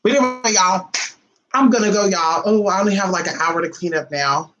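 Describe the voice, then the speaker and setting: A woman speaks straight to her viewers in a casual vlog monologue. Her delivery is sassy and profane, full of drawn-out teasing asides. Her voice sits in a middle pitch. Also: lo-fi sound. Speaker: spiritual vlogger.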